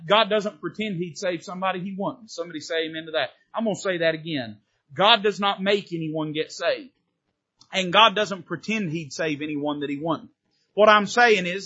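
A pastor preaching a fervent sermon from the pulpit, pushing harder on key points in a folksy style. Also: male voice, on the high side, bright, forceful tone, husky. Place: church sanctuary from the pulpit. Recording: dull, lo-fi sermon recording.

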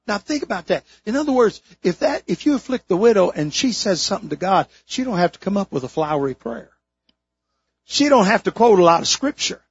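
Male pastor, high pitched, dry close sound, emphatic sermon delivery. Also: sing-song, husky, dry recording. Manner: emphatic preaching, dwelling slowly on key words. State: throat strain, holding back tears. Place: church sanctuary, from the pulpit. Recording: dull lo-fi sermon recording.

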